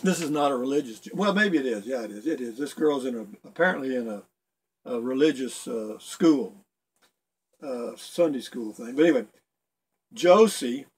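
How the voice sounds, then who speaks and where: Man, middle-aged, video blogger, casual joke reading, raspy, slightly high voice, rambling, laughs at own jokes. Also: a little mellow.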